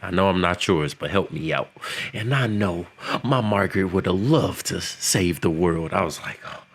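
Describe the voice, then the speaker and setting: A man's voice: low voice, animated, moderate pace, gravelly, slightly rough. A man co-hosting a casual podcast, chatting about an episode, laughing often and acting out characters' lines. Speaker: podcast co-host. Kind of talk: casual show recap chat.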